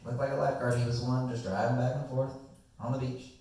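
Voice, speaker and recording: A young man telling a long, rambling story to friends in a casual chat, animated and swearing freely. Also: mid-range voice, fast talker. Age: young adult. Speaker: guest storyteller. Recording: echoey room, distant mic.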